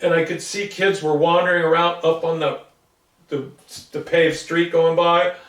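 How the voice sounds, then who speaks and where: A man's voice: a little high, level tone, moderate pace, a bit bright. A man in his sixties being interviewed, telling a long rambling story about his past and acting out what others said along the way. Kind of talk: casual recollection. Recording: roomy sound from a distance.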